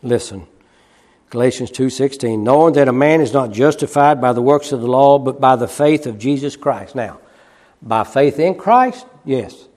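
A man preaching a sermon. He swings between loud, quick emphasis and hushed, slow passages, and repeats key phrases. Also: medium pitch, lively intonation. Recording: long reverb of a large hall.

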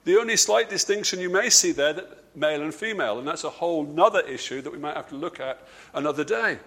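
A man preaching a sermon, stressing key words by slowing down and dropping his voice, with frequent repeated words and restarts. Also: lively intonation, fairly bright tone. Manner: emphatic, slows and drops low on key words.

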